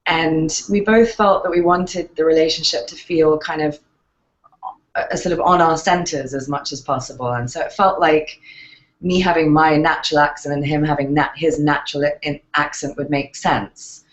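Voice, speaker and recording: An English woman talks through interview questions in a relaxed, reflective way. She pauses often and restarts her sentences as she thinks. The sound is a little muffled and lo-fi. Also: sits low. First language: English accent in real speech. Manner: thoughtful, hesitant, many fillers and restarts. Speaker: actress interviewed as guest.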